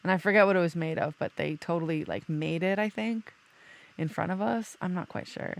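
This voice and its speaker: A woman's voice: fairly low pitch, brisk, gravelly. A woman hosting a podcast in casual, chatty talk, rambling loosely and laughing easily. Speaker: podcast host. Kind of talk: casual chat.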